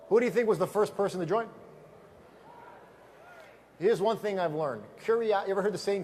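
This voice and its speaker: High-voiced, energetic man coaching a crowd. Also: normal speed, pauses often, slight background noise. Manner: energetic storyteller, asks the audience questions. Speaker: business trainer. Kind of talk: motivational seminar talk.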